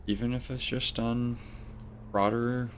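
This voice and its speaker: Stuffy, gravelly man streaming a game. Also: medium pitch, flat delivery, a little slow, slight background noise. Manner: chatty, addresses chat. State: stuffy, congested. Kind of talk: live gameplay commentary.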